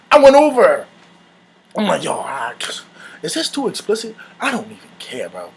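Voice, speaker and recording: Lively young man telling a story. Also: high voice, moderate pace, creaky, slightly rough. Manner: animated, slangy, laughing storyteller. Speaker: channel host. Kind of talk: casual storytime.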